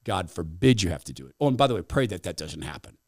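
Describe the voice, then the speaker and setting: Middle-aged guy host telling a story, lively up and down voice, dry close mic. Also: deep voice, fast talker, dry recording. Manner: animated, conversational, with asides. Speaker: talk show host. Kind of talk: storytelling commentary.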